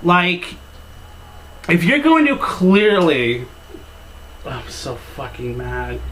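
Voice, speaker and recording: A man's voice: very high voice, fairly bright tone, a little hiss or hum, poor audio. A man delivering a crude, exasperated comedy rant as a video reviewer, full of swearing and filler "like"s.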